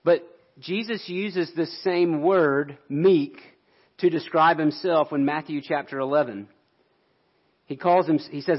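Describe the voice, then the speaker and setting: A man's voice: fairly high pitch, steady tone, measured pace, breathy edge, dull audio. A man pastor delivering a sermon in an earnest, explanatory way.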